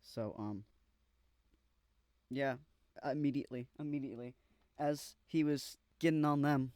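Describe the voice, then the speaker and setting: Young male vlogger, mid-pitched, dry close sound, casual reactions, swears and stumbles. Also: moderate pace, long pauses, darkish tone, no room sound. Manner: casual slangy, swears, stumbles while reading aloud.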